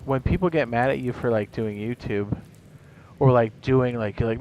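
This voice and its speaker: A man's voice: mid-range voice, moderate pace, a little mellow, lo-fi sound, a little hiss or hum. A tired man chatting casually while streaming a game, rambling and swearing, laughing at his own jokes.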